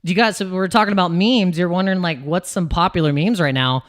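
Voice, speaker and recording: Here a crypto streamer, an American man, wanders through loose livestream talk. Expect frequent restarts, laughter, and lively, sudden shifts in pitch.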